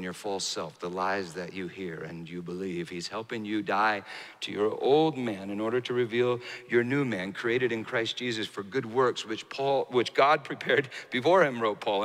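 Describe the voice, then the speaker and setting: A man preaching a sermon, telling a story with emphatic rises and hushed, slow passages. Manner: storytelling, swinging from raised emphatic bursts to hushed, low, slow delivery. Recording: hall reverb.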